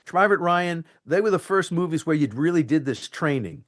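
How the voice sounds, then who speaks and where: A man, an actor being interviewed, telling animated stories from film sets and acting out the lines. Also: on the high side, normal speed. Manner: animated, acts out quotes and lines. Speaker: actor guest. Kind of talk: anecdotal interview storytelling.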